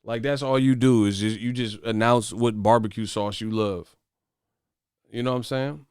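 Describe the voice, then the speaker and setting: A man's voice: fairly low pitch, moderate pace, smooth, no echo, studio quality. A man hosting a boxing channel who rants to his viewers in casual, profane livestream chat. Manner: profane, animated ranting.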